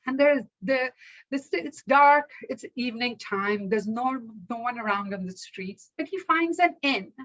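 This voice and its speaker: A woman storyteller recounts a folktale in a high, bright voice. Her telling is slow and rhythmic. The recording sounds slightly muffled and lo-fi. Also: expressive.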